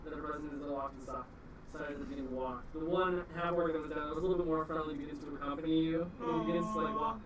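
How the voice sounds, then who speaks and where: A man's voice: fairly high pitch, fairly even intonation, very fast. A man narrating as game master in a casual tabletop session, with loose phrasing and frequent restarts. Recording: echoey room, distant mic, faint hiss.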